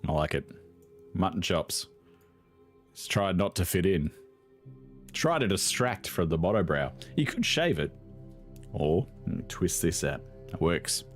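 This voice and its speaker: A young man with a deep, low-pitched voice talks through a game in casual, sarcastic commentary. His delivery swings up and down in pitch, and he swears and laughs freely. Faint music plays quietly behind him. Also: very animated, measured pace, pauses often. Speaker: gaming video host.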